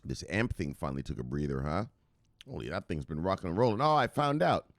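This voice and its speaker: Playful, swearing low-voiced man. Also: big pitch swings, fast talker, no echo. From United States. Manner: playful, swears freely, sing-song chants. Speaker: crypto news show host. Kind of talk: casual market commentary.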